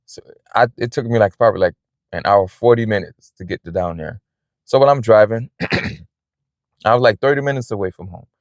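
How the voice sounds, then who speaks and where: Low-voiced man rambling earnestly outdoors. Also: moderate pace, pauses often, dry recording. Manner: rambling and earnest, with frequent "man" and "you know". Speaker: vlogger. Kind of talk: casual personal vlog talk. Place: outdoors in a big parking lot.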